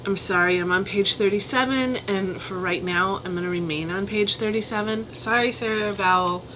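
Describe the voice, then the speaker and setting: A woman's voice: mid-range voice, moderate pace, slight background noise, poor audio. A woman casually reviewing books on her vlog, chatty and candid, thinking aloud and giving frank opinions. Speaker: book vlogger.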